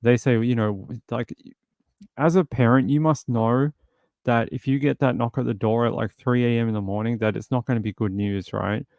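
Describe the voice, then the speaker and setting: A man's voice: medium pitch, fairly even intonation, moderate pace, vocal fry, a little mellow, no room sound. A man hosting a casual livestream, greeting viewers by name and chatting loosely with lots of fillers. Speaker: host.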